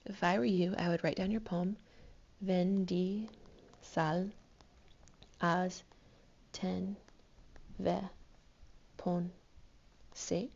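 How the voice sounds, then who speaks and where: A woman's voice: on the low side, fairly even intonation, very slow, vocal fry, pauses often, a little mellow, dull audio. A woman teaching a recorded Spanish lesson to her students, patient and explanatory, counting syllables aloud.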